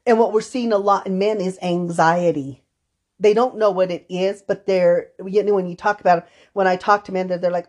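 A woman's voice: on the low side, fairly even intonation, fairly quick, a little mellow. A woman therapist co-hosting a podcast conversation, telling stories from her sessions and acting out the quoted dialogue. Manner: storytelling, acts out quoted dialogue. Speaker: therapist co-host.

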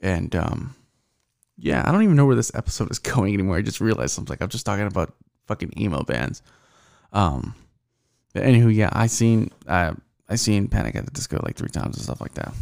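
A young man runs a casual solo podcast. His voice is somewhat low and gravelly with fry. He rambles loosely, swears freely and fills his talk with ums and restarts. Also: animated, brisk, a little mellow. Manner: profane, rambling, with many fillers. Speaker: podcast host.

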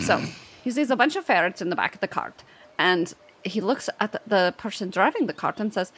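A woman's voice: medium pitch, expressive, fairly bright tone, breathy edge. A woman playing a tabletop game, telling a long joke and insisting on finishing it. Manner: drawn-out storyteller, insistent. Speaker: player.

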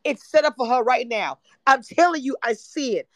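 A woman hosting a livestream, chatting animatedly and excitably about a reality show, sometimes breaking into shouts and laughter. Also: high voice, moderate pace, no room sound, studio quality. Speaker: livestream host. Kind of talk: casual reality-TV recap chat.

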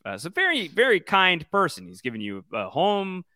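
Bright, crisp man chatting casually. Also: on the high side, sing-song, no echo, studio quality. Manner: halting, many fillers and restarts. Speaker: podcast co-host. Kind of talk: casual chat about a video game.

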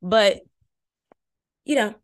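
A woman's voice: mid-range voice, very slow, no room sound, studio quality. A woman hosting a podcast, giving casual, rambling commentary on a reality show with lots of swearing. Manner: rambling, profane, chatty. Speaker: former nursing and medicine worker.

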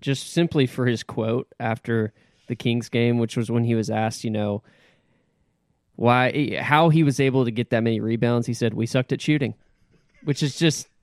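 A man co-hosting a casual sports podcast, giving measured analysis and handing off to others. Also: mid-range voice, steady tone, no echo, studio quality. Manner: measured, analytical, passes the mic. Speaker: podcast co-host.

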